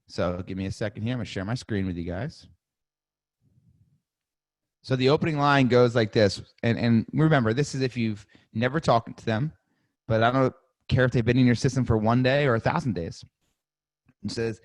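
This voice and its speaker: Male sales coach, mid-pitched voice, dry recording, lively and demonstrative. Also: normal speed, no room sound. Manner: energetic, demonstrative, acts out sales calls. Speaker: real estate coach. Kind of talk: live webinar teaching.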